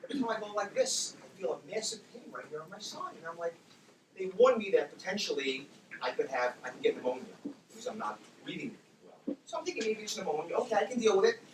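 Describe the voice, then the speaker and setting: A man's voice: high voice, fast. A man in his forties telling a personal story to an audience, acting out the voices of the people in it. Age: 40s. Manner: animated, acts out his own and others' words. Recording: roomy, distant, with background noise.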